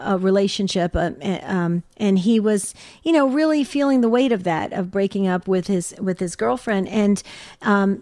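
A woman co-hosting a Catholic call-in radio show, telling stories in a chatty, rambling way with quick laughs. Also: medium pitch, darkish tone, no echo, studio quality.

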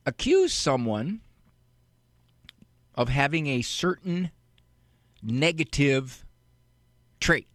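A man hosting a call-in advice radio show, teaching in a deliberate way and firing off rhetorical questions. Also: fairly high pitch, very animated, a bit bright, dry recording, studio quality.

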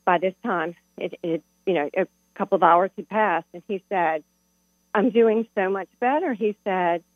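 A woman's voice: medium pitch, moderate pace, no room sound. Middle-aged woman caller on a tinny phone line. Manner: heartfelt, emotional storytelling. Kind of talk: personal story on a call-in show. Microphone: telephone.

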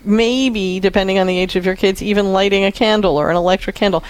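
A woman's voice: medium pitch, fairly even intonation, fast. A woman co-hosting an advice talk show, earnestly explaining parenting routines to a caller. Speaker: radio show co-host, counselor.

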